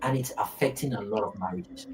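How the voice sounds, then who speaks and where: A man hosting a podcast, talking in an emphatic, animated way and swearing for emphasis. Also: on the low side, brisk, slight background noise, low-quality recording. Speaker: podcast host. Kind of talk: casual podcast conversation.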